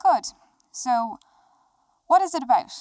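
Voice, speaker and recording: A woman voicing a young woman who acts as a teasing talk-show host and interviews herself in an animated film. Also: high-pitched, unhurried, dry recording.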